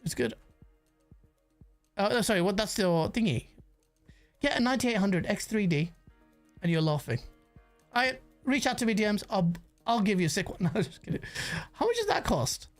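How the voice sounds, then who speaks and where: A woman's voice: mid-range voice, animated, fairly quick, pauses often, faint music behind. A woman giving casual, rambling livestream commentary on gaming news, swearing freely and reacting to chat messages.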